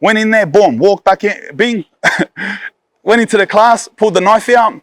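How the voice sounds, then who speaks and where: A man's voice: high-pitched, measured pace, dry recording, studio quality. Aussie man telling a yarn, swearing hard. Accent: Australian. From Sydney, Australia. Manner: blunt, heavy swearing, street slang, lots of "bro". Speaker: storyteller guest. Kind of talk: casual storytelling.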